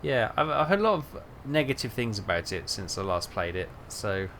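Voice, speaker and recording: A man chatting his way through a trucking stream, thinking aloud and trailing off into fillers. His pitch swings widely as he talks, over a faint background hum. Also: sing-song, a little fast, a bit bright. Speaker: game streamer. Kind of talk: casual gameplay chat.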